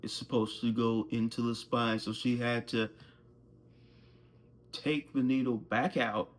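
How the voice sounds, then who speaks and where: Slow, calm man. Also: medium pitch. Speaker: podcast co-host. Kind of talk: casual podcast chat.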